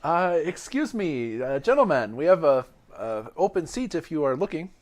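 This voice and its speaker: A man voicing a gentle rodeo clown who stammers and hesitates. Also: fairly high pitch, very animated, normal speed. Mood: earnest.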